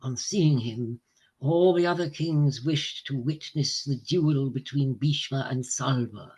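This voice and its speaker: Slow, deliberate man reading an epic. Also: mid-range voice, darkish tone, husky. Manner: slow, deliberate and measured, with pauses between phrases. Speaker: reader of scripture to a group. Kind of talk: reading an ancient epic aloud.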